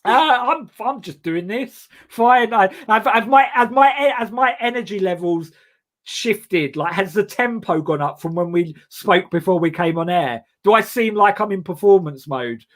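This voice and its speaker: A young man from England hosting a casual comedy chat show, rambling and self-mocking with many halting restarts. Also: high voice. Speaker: host.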